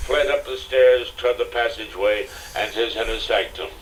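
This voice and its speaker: An older man narrating an audiobook in a steady, dramatic storytelling manner, on a distant, hissy cassette recording. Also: on the low side, moderate pace. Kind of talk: scripted narration.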